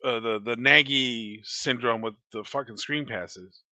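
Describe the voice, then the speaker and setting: A man's voice: medium pitch, measured pace, bright, forceful tone, no room sound. A middle-aged man co-hosting a casual sports podcast, telling stories bluntly and swearing freely. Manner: blunt, profane storytelling. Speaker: podcast co-host.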